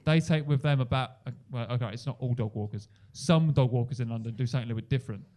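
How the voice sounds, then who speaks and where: A young man doing a stand-up comedy set on a club stage into a handheld mic, animated and jumping into loud high-pitched voices for the people in his stories. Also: racing.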